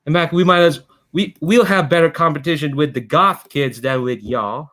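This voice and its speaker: A man's voice: on the high side, normal speed, a bit bright, voice pushed up, lightly acted. A man voicing a pompous teenage boy in steampunk goggles, who speaks with a Midwestern accent and blusters while fumbling for insults. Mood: mocking. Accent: Midwestern American.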